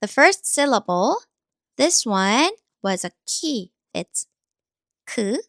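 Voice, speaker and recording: A woman with a Korean accent teaching the Korean alphabet, speaking slowly and repeating each sound patiently for learners. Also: a little high, sing-song, fairly bright tone, no echo, studio quality. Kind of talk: slow, deliberate teaching.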